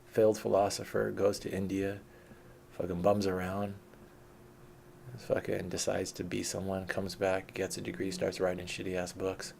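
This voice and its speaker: A man's voice: sits low, a little mellow, slight background noise. A middle-aged man ranting in an unscripted vlog, profane, combative and mocking. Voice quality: gravelly. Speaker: vlogger. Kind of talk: unscripted rant.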